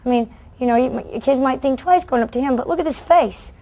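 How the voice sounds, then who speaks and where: A middle-aged woman, a children's book author, telling lively stories in a talk and acting out the voices of kids and adults. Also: sits high, quick pace. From United States. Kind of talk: lively storytelling speech to an audience.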